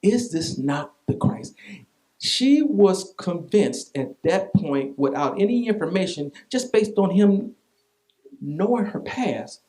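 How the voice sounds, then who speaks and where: Speaking slowly in a high-pitched voice, a pastor shares a personal story during his sermon. His delivery is animated and repetitive, sprinkled with vernacular asides.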